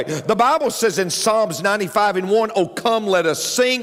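A man preaching a sermon as pastor, joking with the congregation and jumping up in pitch for emphasis. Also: moderate pace, hardly any pauses. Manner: animated preaching with jokes, voice leaping up in pitch. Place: church sanctuary. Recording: long reverb of a large hall.

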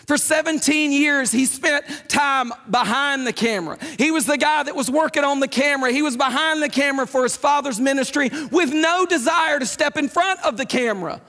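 A man's voice: extremely high pitch, brisk, few pauses, bright, forceful tone. A man preaching a sermon in an emphatic, conversational way, repeating his key points. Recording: long hall reverb.

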